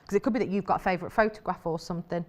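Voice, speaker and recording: A woman's voice: lowish voice, steady tone, very fast. Lady on a shopping channel, chatty and rambly, gushing over fabrics in a tv studio. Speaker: shopping TV presenter. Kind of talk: live shopping-channel demonstration.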